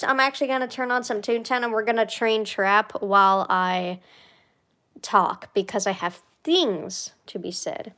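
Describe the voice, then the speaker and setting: A young woman streamer chatting casually and rambling, self-deprecating, swinging from tired sighs to excited squeals. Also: mid-range voice, a little slow. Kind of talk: casual rambling livestream chat.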